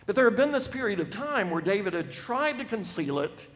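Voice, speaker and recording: A man preaching a sermon on a Bible passage, emphatic, dropping from loud to hushed for effect. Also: high-pitched, very animated, fairly quick, slight background noise. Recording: long reverb of a large hall.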